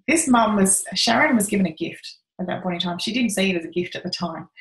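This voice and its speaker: A woman's voice: mid-range voice, reverberant, low-quality recording. A woman giving earnest advice to parents, telling stories with frequent "um"s. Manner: earnest, storytelling with many "um"s and acted quotes. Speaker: parenting educator.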